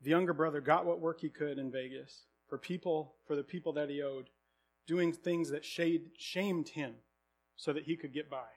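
High-voiced man telling a sermon story. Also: normal speed, a little hiss or hum. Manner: dramatic, expressive retelling. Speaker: preacher.

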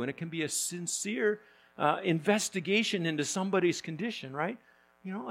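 Gravelly-voiced preacher, conversational. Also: male voice, high-pitched, moderate pace, a bit bright. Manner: conversational and joking, with frequent fillers and restarts. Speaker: pastor. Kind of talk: sermon.

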